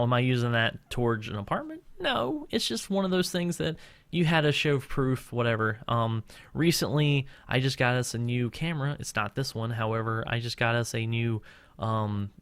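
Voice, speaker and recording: A man's voice: medium pitch, no room sound. A young man giving casual streaming advice straight to camera, earnest and rambling, with lots of fillers and restarts. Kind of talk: casual talking-head advice.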